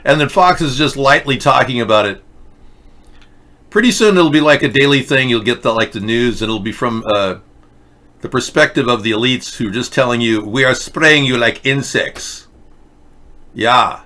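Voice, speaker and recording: A man's voice: medium pitch, a little fast, bright, forceful tone. A man hosting a livestream show, rambling in a joking, conspiratorial way and slipping into mock announcements. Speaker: show host.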